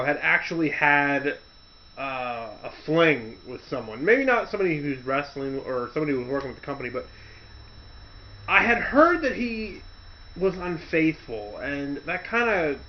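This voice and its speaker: A man's voice: fairly high pitch, a little hiss or hum. Rambling man ranting in lo-fi audio. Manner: rambling, loose storytelling with restarts and loud shouted impressions. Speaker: podcast host. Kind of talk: casual rant. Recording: dull lo-fi audio.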